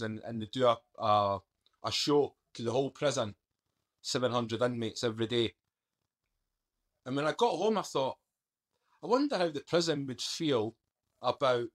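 A man, a podcast guest telling his story in a plain-spoken, conversational way. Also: medium pitch. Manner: plain-spoken, conversational, uses "mate" and "I done". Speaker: guest, author. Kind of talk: casual interview storytelling.

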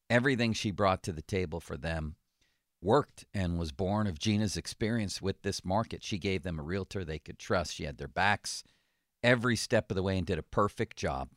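A man hosting a sports radio talk show, chatting casually with jokes and reading ads in a relaxed, conversational way. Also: lowish voice, no echo, studio quality.

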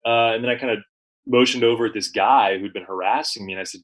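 A man, a journalist guest, recounting an experience in relaxed conversation with frequent fillers and restarts. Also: medium pitch, quick pace, low-quality recording. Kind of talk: conversational storytelling.

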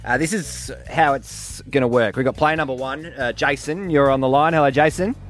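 A man runs a radio comedy game in brisk, playful patter. His voice sits mid-range. Faint music plays under him in the studio. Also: medium pitch, fairly bright tone. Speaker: radio host.

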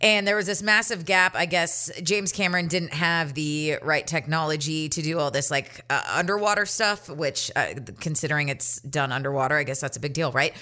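A woman's voice: deep voice, normal speed, hardly any pauses, pushed and bright. A woman hosting a solo podcast, nasal and stuffy from allergies, ranting in a profane, sarcastic, rambling way. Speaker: podcast host.

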